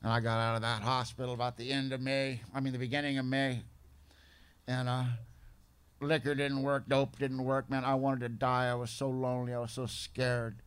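A man's voice: mid-range voice, flat delivery, moderate pace, clean tone. A plainspoken man speaking at a recovery meeting, telling his story in a salty way, often tagging "man" and "you know". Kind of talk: personal storytelling talk.

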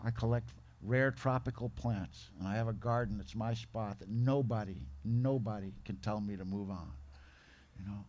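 A middle-aged man shares his story at a recovery meeting in loose, slangy everyday speech. His voice sits at an ordinary middle pitch, and he slips into other people's lines to act them out as he talks. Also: darkish tone. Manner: casual slangy talk, acts out others' lines. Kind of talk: personal testimony storytelling.

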